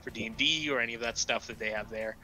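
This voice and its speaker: A man's voice: mid-range voice, quick pace, a crowd in the background, poor audio. A man playing in a tabletop game stream, chatting in an enthusiastic, joking way. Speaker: player. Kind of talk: casual chat.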